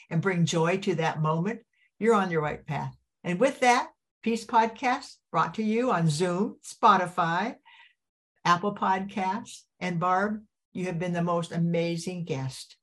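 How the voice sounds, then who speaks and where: A woman's voice: on the low side, measured pace, fairly bright tone. An older woman hosting a podcast over a video call, gushing and preachy in an enthusiastic interview chat. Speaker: podcast host.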